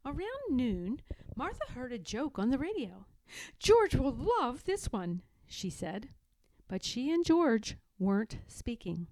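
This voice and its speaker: A woman reading a children's picture book aloud, expressive and giving voices to the dialogue, in a quiet small room. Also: sits high, no room sound. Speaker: read-aloud narrator.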